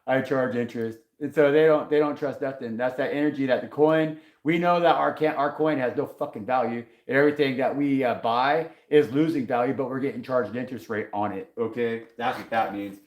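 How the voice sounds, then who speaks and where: A man giving a casual live tarot reading, profane, rambling and excitable, talking from a table. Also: medium pitch, a little fast, hardly any pauses. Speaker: tarot reader on a live stream. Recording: echoey room.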